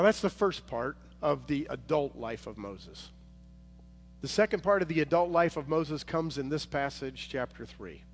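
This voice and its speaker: A male preacher giving a sermon, retelling a Bible story in a conversational, vivid way. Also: fairly high pitch. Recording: hall reverb, faint noise.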